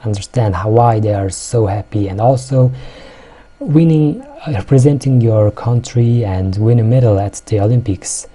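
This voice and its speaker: A man with a Mongolian accent, a native Mongolian speaker, earnestly explaining what an event means to his country, with frequent pauses and fillers. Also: fairly low pitch, warm tone. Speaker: show host explaining culture. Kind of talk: explanatory commentary.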